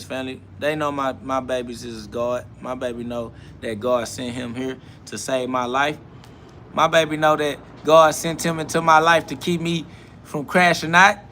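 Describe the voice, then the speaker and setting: Blunt, bright-voiced man preaching on a live podcast. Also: fairly high pitch, a little hiss or hum. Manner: blunt, profane, preachy, repeats "facts"; answers chat comments aloud. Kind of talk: live self-talk podcast monologue.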